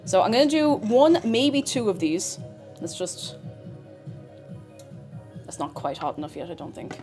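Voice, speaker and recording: A woman's voice: medium pitch, sing-song, unhurried, over music. A woman with an Irish accent, a streamer chatting casually while she cooks, rambling and often cutting herself off mid-sentence. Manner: rambling, chatty, self-interrupting. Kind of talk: casual chat while cooking.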